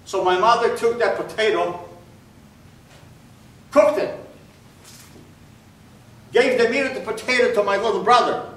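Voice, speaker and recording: Older guy telling his story to a crowd, fairly high voice, distant mic in a big echoey hall. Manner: slow, deliberate storytelling, voice dropping low and quiet at grave moments. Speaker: Holocaust survivor speaker. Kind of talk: testimony talk to an audience. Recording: echoey hall recorded from far off, faint noise.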